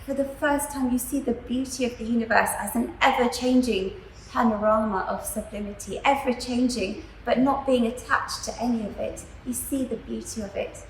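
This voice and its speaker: A woman gives a lecture to students in a school room, telling her story gently and earnestly. Her voice sits a little high. The room echoes around her, with a faint hiss in the background. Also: moderate pace. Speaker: teacher.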